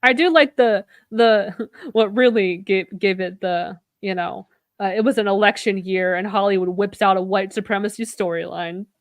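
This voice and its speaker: A woman's voice: medium pitch, normal speed, no room sound. A woman co-hosting a podcast, reading reviews aloud with wry, dry amusement in a casual chat. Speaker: podcast co-host.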